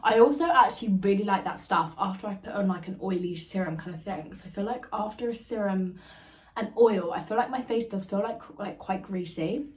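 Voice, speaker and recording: A woman's voice: medium pitch, a little fast, darkish tone. A young woman chatting casually in a beauty vlog from her bed, giggly and full of "like". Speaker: beauty vlogger. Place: bedroom, in bed.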